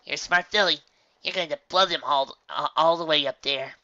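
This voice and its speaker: A man's voice: fairly high pitch, normal speed, pushed and bright, no echo, muffled recording, voice pushed up. A man doing an encouraging pegasus mom. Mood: reassuring. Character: warm encouraging pegasus mother.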